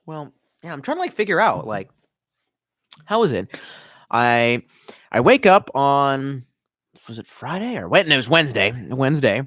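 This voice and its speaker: A young man rambles through a casual live stream, swearing freely and a little tipsy on wine. His pitch jumps around with lively swings. The sound is dry and close, with no room around it. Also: moderate pace, pauses often, no room sound. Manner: rambling, profane, reads chat aloud.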